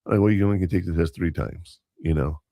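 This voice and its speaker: A substitute teacher co-hosting a podcast tells rambling stories in casual chat, quoting dialogue and correcting himself along the way. His low-pitched voice is creaky and mellow, and he talks fast; the studio recording is clean, with no echo.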